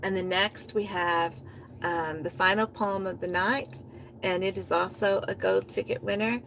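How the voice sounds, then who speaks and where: A woman hosting a poetry reading, reading poems in a rhythmic, chant-like way and talking about them with hesitant pauses and restarts. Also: mid-range voice, steady tone, gravelly, a bit bright, slight background noise, rough recording. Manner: hesitant fillers and restarts in her chat, rhythmic chant-like recital.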